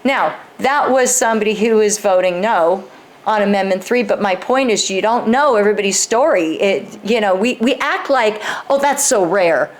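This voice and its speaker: A woman's voice: medium pitch, moderate pace. A woman speaker teaching a group in a conversational way, acting out sample dialogues and asking the audience questions directly. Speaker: speaker teaching a class on persuasion. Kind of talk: instructional talk to a live group.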